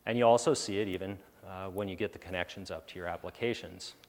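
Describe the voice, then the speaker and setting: A man giving a technical conference talk, with sarcastic, animated asides and a habit of thinking aloud with fillers and restarts. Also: low-pitched, fast talker. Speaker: conference presenter. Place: large conference hall. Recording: echoey conference hall.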